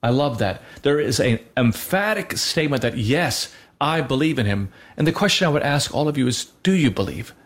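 Middle-aged male co-host, mid-pitched, sincere and unpolished, halting with fillers, conversational teaching tone. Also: sing-song. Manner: earnest, halting, many fillers and restarts. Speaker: co-host of a Christian radio show.

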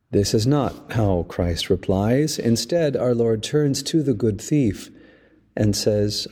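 A man, a priest hosting a podcast, giving a measured, storytelling homily. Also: on the low side, lively intonation, mellow. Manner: slow, measured, storytelling delivery. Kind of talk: reflective spoken homily.

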